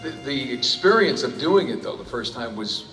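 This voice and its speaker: Faint music underlies a voice actor's rambling, joke-filled answers to an audience at a convention panel, where he keeps stopping and starting over. His mid-range voice is a bit bright, with lively intonation and a moderate pace. It was captured from far off in a large, echoing hall.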